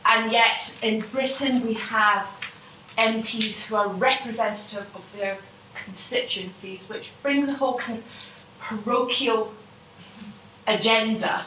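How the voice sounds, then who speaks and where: A woman's voice: on the high side, bright, forceful tone, slight background noise. Scottish woman asking a question from the floor. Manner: halting, searching for words. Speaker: audience member asking a question. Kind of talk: public Q&A question. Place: public meeting hall. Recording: echoey hall, distant mic.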